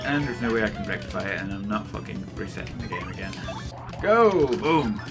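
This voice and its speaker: A man's voice: low voice, quick pace, over music. A young man giving casual let's-play commentary, rambling and swearing freely. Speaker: gameplay commentator.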